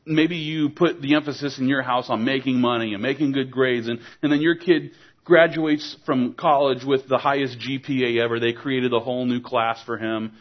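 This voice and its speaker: A man preaching a sermon, earnest and exhorting, asking his listeners pointed rhetorical questions. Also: medium pitch. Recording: dull lo-fi recording.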